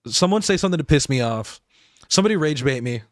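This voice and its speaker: A man's voice: a little high, expressive, fast, no echo, studio quality. A man streaming a game live, rambling and laughing as he talks to his chat.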